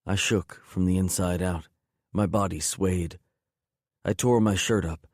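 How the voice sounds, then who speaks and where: A man's voice: low voice, steady tone, unhurried, a little mellow, dry recording, clean studio sound. A man narrating an audiobook in first person, intense and brooding.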